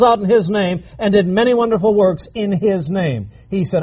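A man's voice: high voice, moderate pace, few pauses, dull audio. A male preacher giving a sermon, emphatic and repeating key phrases for stress.

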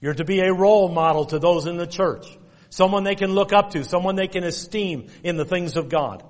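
A man's voice: sits high, brisk. A middle-aged man preaching a sermon, telling folksy stories and repeating commands with emphasis. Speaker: pastor. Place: church sanctuary. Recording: long reverb of a church hall.

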